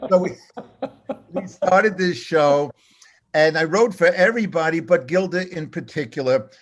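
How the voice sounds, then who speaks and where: An older man, a comedy writer, telling an animated, self-deprecating anecdote and acting out the dialogue. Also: on the high side, measured pace, highs cut off. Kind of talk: storytelling anecdote.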